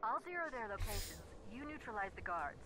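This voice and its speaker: A woman voicing a calm female AI guide who gives short tactical updates in a cool, precise tone. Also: mid-range voice, brisk. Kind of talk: game cutscene and in-game dialogue.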